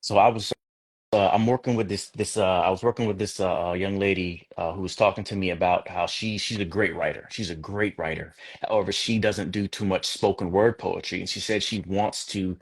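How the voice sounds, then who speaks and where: A man with a low voice talks as a guest poet in a relaxed interview. He thinks aloud, restarting phrases as he explains his craft. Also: a little fast, husky. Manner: reflective, many restarts, conversational. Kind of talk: casual interview talk.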